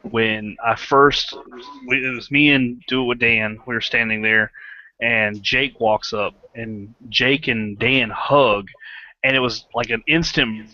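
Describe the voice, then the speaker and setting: A man's voice: mid-range voice, fairly even intonation, measured pace, pushed and bright. A man hosting a casual online hangout, telling profane, laughing stories. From southern United States. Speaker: hangout host. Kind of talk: casual group chat, storytelling. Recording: dull lo-fi online call audio.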